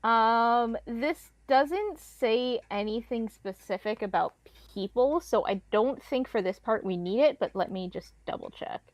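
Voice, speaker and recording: A woman co-player with a slightly high voice checks a walkthrough aloud in a casual, easygoing way. The sound is dry and close. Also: lively intonation, unhurried, few pauses, dry recording.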